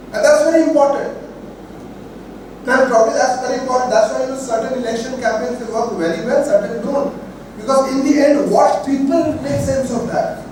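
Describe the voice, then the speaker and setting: A workshop instructor with a Bengali Indian English accent gives a classroom lecture, stressing key points and using many fillers and repeated phrases. His voice is very high-pitched with a darkish tone. The mic is far off in an echoey hall, with slight background noise.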